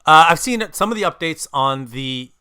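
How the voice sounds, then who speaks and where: Bright, clear-voiced podcast host. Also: male voice, on the high side, normal speed. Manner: relaxed, brief affirmations. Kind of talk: casual interview.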